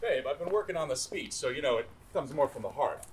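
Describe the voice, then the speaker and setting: An actor in a comic stage play playing a blustering, dim-witted politician husband with a pompous, oratorical delivery. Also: male voice, on the high side, expressive, fast talker, a little hiss or hum, close to an everyday voice, poor audio.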